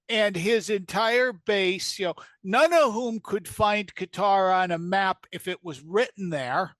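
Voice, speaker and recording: High-voiced, sardonic male co-host. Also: slow, hardly any pauses, a bit bright, no room sound. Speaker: podcast co-host. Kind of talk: casual political chat.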